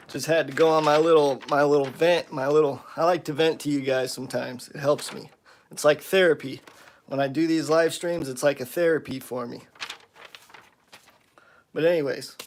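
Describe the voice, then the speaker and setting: Animated man venting on a live stream. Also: on the high side, a little hiss or hum. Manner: animated, aggravated storytelling with lots of "dude" and "bro". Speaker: slingshot seller hosting a live stream.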